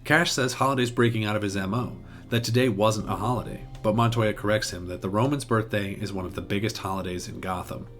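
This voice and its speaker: A man narrating a plot outline in a steady recap tone, with the odd small restart. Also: on the low side, a little fast, few pauses, faint music behind. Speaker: video essay host.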